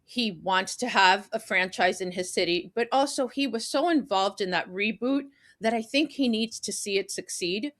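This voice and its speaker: A woman's voice: mid-range voice, moderate pace, few pauses, fairly bright tone. A woman co-hosting a podcast, playful and talkative in casual chat. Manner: playful, talkative, laughs easily. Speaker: podcast co-host.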